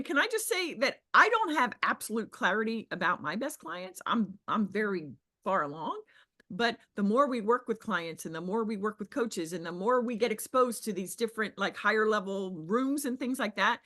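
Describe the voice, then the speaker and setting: A woman business coach leading a group video call, talking emphatically and acting out other people in a high squeal. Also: lively intonation, moderate pace, sharp tone. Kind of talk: animated coaching talk.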